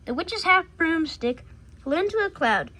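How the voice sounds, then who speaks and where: A woman reading a rhyming picture book aloud with a steady rhythm. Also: very high-pitched, unhurried. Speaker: reader.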